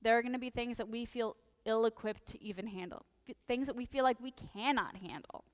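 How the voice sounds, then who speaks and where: A woman priest giving a lively, humorous sermon in a church, full of animated, sarcastic asides. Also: a little high, brisk, long reverb tail. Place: church sanctuary.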